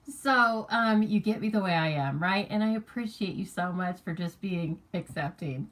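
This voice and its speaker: A woman's voice: on the low side, lively intonation, a little slow. An American woman hosting a craft live stream, chatting casually, greeting viewers by name and reading their comments aloud. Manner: chatty and rambling, reads viewer comments aloud, laughs easily. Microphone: camera mic on a live stream.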